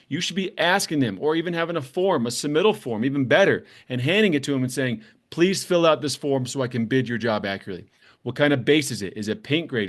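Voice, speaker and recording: Blunt plainspoken man giving contractor advice. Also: medium pitch. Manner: blunt, plainspoken, storytelling with mild swearing. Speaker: construction business host. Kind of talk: casual advice talk to camera.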